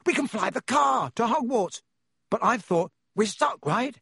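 A man voicing an excitable young teen wizard boy who talks in eager, urgent bursts. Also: fairly high pitch, moderate pace, breathy edge, no echo, clean studio sound. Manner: eager, urgent, breathless chatter.

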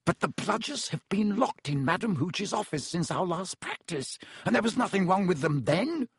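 A man's voice: medium pitch, very animated, moderate pace, darkish tone, slightly rough, no echo, clean studio sound. A man voicing an earnest young team captain who speaks in an anxious, urgent way.

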